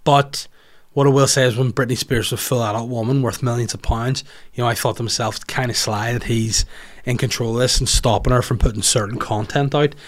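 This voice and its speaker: A man hosting a podcast in casual chat, rambling and animated, swearing freely and going off on tangents. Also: mid-range voice, brisk. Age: adult, has children. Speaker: podcast host.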